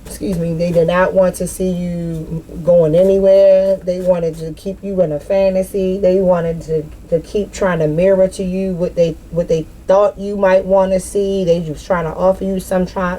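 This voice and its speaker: Female tarot reader, low dark voice, casual rambling delivery with lots of swearing. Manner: loose, rambling, swears freely, talks straight to the viewer. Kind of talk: spiritual tarot reading, casual and profane.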